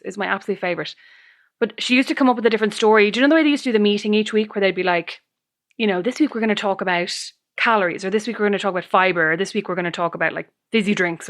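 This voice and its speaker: A woman, co-hosting a podcast and telling funny anecdotes in a casual chat. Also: mid-range voice. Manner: animated storytelling, laughing through anecdotes. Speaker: podcast co-host.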